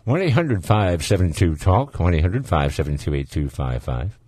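A man's voice: sits low, expressive, moderate pace, a little mellow, husky, no echo, studio quality. A man with a Southern accent hosting a call-in radio show, chatting in an easygoing, folksy way. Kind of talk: casual call-in radio chat.

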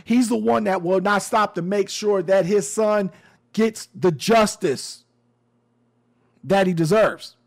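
A man with a fairly high voice talks slowly through a casual commentary. He is sarcastic and emphatic, and he circles back over his own words. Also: creaky. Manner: sarcastic, emphatic, repeats phrases.

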